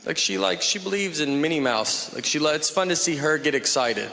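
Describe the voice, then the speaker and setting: A man performing a stand-up comedy set, telling stories in a laid-back deadpan way before a live audience. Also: a little high, normal speed, vocal fry.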